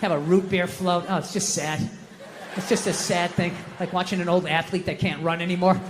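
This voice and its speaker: A man doing a stand-up comedy set, ranting and swearing as he builds toward mock-furious shouts. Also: high voice, steady tone, slow, long pauses, a crowd in the background, background noise. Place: large outdoor stage in the wind. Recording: live venue with long reverb, faint ambience.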